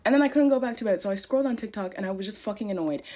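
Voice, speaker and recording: A woman's voice: mid-range voice, racing, a little mellow. Irritated young woman ranting into camera. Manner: irritated, profane, dramatic ranting. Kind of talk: casual vlog rant.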